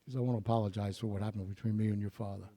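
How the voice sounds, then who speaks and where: A man's voice: on the low side, fairly even intonation, very fast, mellow, no echo. An older man, telling rambling, profane stories with many fillers and restarts. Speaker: storyteller and singer. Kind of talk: casual storytelling.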